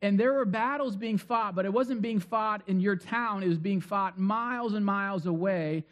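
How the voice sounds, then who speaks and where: A man's voice: sits high, moderate pace, a bit bright, muffled recording. A middle-aged man preaching a sermon as pastor, in a conversational way with frequent fillers and joking asides. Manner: conversational, self-deprecating asides, many fillers.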